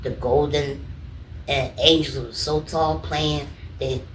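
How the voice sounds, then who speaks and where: An animated man tells his story in a casual interview and acts out the people he quotes. He speaks from some distance, and the room echoes around him. A faint ambience sits underneath. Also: a little high, takes it slowly, a little hiss or hum. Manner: animated, repeats "you know what I'm saying", acts out quotes. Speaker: guest, comedian and artist.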